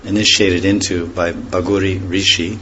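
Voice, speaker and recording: A man giving a scripture class, speaking in an unhurried, reflective way, pausing to explain terms and letting phrases trail off softly. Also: deep voice, flat delivery, a little hiss or hum, rough recording. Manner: pauses to explain words and terms. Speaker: spiritual teacher.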